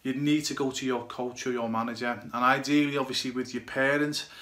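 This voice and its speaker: Bright-voiced man coaching goalkeepers. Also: mid-range voice, fairly even intonation, brisk. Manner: rambling, many fillers and restarts. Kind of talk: casual advice to young players.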